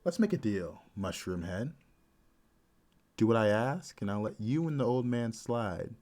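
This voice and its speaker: A man's voice: lowish voice, expressive, a little slow, a little mellow. A man voicing a scheming, arrogant male mage villain who speaks in a smug, threatening, bargaining way.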